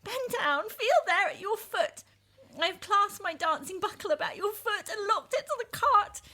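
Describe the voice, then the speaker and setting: A woman's voice: very high-pitched, expressive, moderate pace, sharp tone, heavily acted. Danu, a woman playing a desperate jealous lover. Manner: intense, swings from tender to bitter. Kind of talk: dramatic reading of a verse epic.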